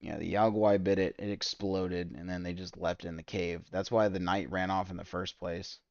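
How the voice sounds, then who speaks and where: A man streaming a game, ranting in exasperated, profane commentary that spikes loud and high. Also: little pitch movement, moderate pace, vocal fry, dry recording, dull audio. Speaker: gaming streamer. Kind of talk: ranting commentary while gaming.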